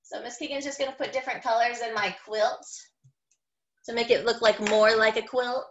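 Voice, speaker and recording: A kindergarten teacher, a woman with a high voice, leads young children through a phonics lesson. She sounds out each word slowly and clearly and praises them with cheerful encouragement. The recording is dull and lo-fi. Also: fairly even intonation.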